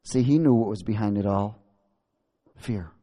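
A man's voice: on the low side, normal speed, dark tone. A male pastor preaching and reading scripture aloud, exclaiming and laughing often. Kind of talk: sermon.

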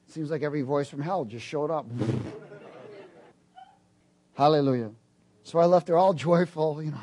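Husky, high-voiced man preaching a sermon. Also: normal speed. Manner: animated preaching, rising to loud emphatic peaks; acts out quoted dialogue in other voices. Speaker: pastor.

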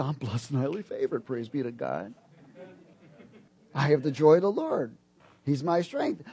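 A man preaching a sermon, animated and building to loud emphatic peaks, acting out quoted dialogue along the way. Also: fairly high pitch, breathy edge. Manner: acts out quoted dialogue in other voices. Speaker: pastor.

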